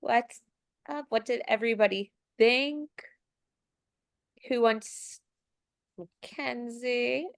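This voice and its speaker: A woman's voice: on the high side, takes it slowly, creaky, long pauses, dry recording, studio quality. A woman casually moderating a class call, prompting students to speak.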